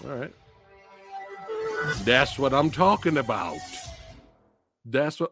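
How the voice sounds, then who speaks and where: Profane, animated male movie streamer. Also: mid-range voice, slow, long pauses, slightly rough, no room sound, soft background music. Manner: profane, animated, laughing and booing. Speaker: movie reaction streamer host. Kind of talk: live stream trailer reaction.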